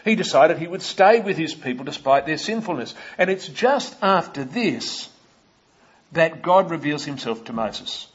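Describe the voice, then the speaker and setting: A man with an Australian accent preaching an expository sermon in a measured, explanatory way, with many "uh" fillers and asides to the listeners. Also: a little high, animated, husky, muffled recording.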